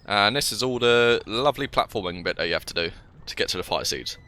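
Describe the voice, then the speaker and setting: A man's voice: on the low side, animated, fast talker, bright, forceful tone, a little hiss or hum. A young man with a cold, rambling casually as he plays a video game and talks to the game as he goes. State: slightly ill, coughing. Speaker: gaming channel host. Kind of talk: casual let's-play commentary.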